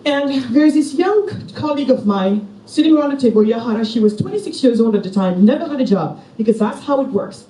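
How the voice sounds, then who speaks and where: A woman's voice: fairly high pitch, animated, a little fast, hardly any pauses, warm tone. A middle-aged woman from Senegal giving a passionate, personal keynote speech at a conference. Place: large conference hall. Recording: echoey hall from far off, faint ambience.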